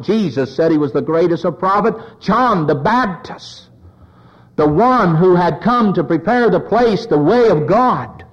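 A man preaching a sermon, his pitch rising as he voices the cries of sinners. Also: expressive, slow pace, lo-fi sound.

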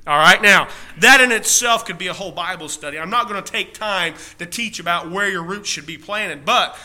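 A man's voice: sits high, a little fast, sharp tone. A male pastor preaching a sermon, driving points home with rhetorical questions and repeated key phrases, stretching out punch words.

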